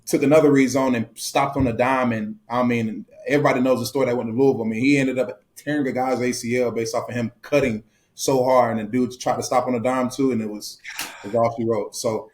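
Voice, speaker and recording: A young man talking quickly in a relaxed interview. He tells stories in a loose, easygoing way, full of fillers and small laughs, at a middle pitch. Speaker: football player guest. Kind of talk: casual interview talk.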